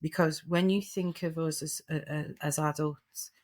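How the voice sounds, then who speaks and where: Low, flat-voiced woman coach. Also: normal speed. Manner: earnest, practical, tells everyday examples. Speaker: therapeutic coach, podcast guest. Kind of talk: reflective interview talk.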